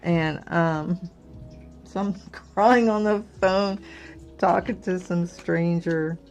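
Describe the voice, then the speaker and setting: A woman's voice: lowish voice, steady tone, takes it slowly, a little mellow, dull audio, faint music behind. A middle-aged woman hosting a crafting channel, chatting casually and candidly with lots of fillers. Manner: candid, rambling, many fillers. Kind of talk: casual personal chat.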